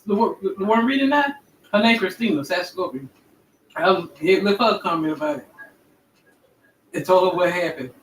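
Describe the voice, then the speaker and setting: A man's voice: high voice, expressive, normal speed, long pauses, a bit bright. A man on a livestream telling a story at length, rambling and indignant. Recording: distant echoey mic with faint background noise.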